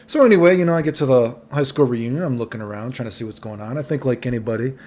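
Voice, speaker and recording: A man's voice: medium pitch, rapid-fire, darkish tone. Young guy, vlog storyteller, loose and foul-mouthed, chatty tags. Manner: casual, profane, rambling with "right?" tags. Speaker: vlogger. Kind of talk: storytime monologue.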